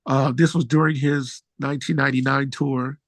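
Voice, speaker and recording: A man who is a musician guest, telling stories in a relaxed, slangy way and jumping high in pitch when excited. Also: moderate pace, no room sound. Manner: animated storyteller, jumps high when excited. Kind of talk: casual storytelling interview.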